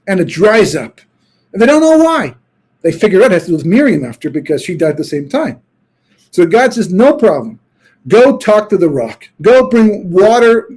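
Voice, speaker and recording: A man teaching a Torah class as a rabbi, telling the story in an animated way with quoted voices. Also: high voice, breathy edge.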